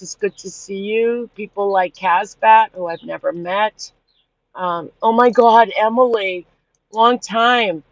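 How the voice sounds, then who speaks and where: A woman's voice: mid-range voice, no room sound. Indignant woman livestreaming, dull lo-fi sound. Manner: animated, indignant retelling. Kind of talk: casual livestream chat.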